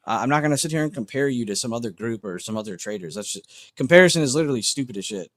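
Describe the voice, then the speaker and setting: A man's voice: medium pitch, animated, very fast, dry recording. Blunt swearing male stream host. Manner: blunt, emphatic, swears often, repeats himself. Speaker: livestream trading host. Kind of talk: unscripted livestream rant.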